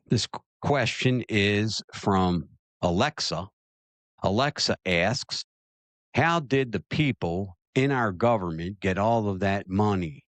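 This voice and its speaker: A man hosts his own talk podcast, pressing his opinions hard and circling back to repeat his key points. His voice sits fairly low, and the recording is dry, with no room sound. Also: no echo. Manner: emphatic, repeats himself for emphasis. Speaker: podcast host. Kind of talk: opinion rant and listener Q&A.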